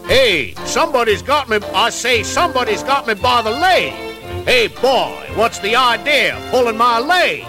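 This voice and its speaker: A blustering rooster with a booming drawl. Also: male voice, sing-song, moderate pace, music in the background, exaggerated voice. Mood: sly boast. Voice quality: booming, drawling, stammered repeats. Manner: sly and teasing. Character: blustering boastful adult male rooster. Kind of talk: classic cartoon voice acting.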